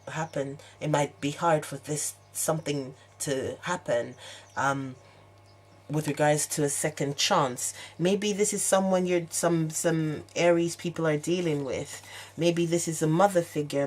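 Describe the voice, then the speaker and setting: Low-voiced woman giving a hesitant tarot reading. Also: steady tone, unhurried, darkish tone. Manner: hesitant, searching, many fillers and restarts. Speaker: tarot reader.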